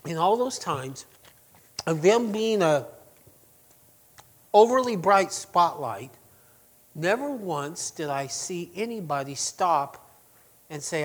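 Higher-voiced male preacher, loud then hushed. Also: lively intonation, slow pace, long pauses. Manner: swings from loud emphatic to hushed quiet delivery; conversational with restarts and asides to the congregation. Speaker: pastor. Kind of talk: sermon.

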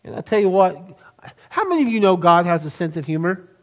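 A man's voice: sits high, very animated, brisk. A middle-aged man, preaching a sermon in an earnest, emphatic way and drawing out key words. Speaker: pastor.

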